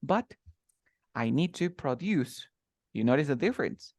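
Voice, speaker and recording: A man's voice: medium pitch, sing-song, normal speed, a little mellow, no echo, studio quality. A man teaching English, patiently explaining words and stress while switching between English and Spanish. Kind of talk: bilingual English lesson.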